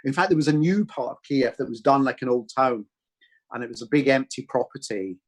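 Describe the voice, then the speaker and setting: A man's voice: medium pitch, a little fast. A man, a film director, talking through his process in a thoughtful, rambling way with many restarts. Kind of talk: reflective Q&A chat.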